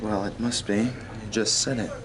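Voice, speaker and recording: A man's voice: lowish voice, fairly even intonation, normal speed, close to an everyday voice, poor audio. A smug, teasing acquaintance, played by a man, sly and mocking in tone. The chatter of a busy restaurant crowd is heard behind him.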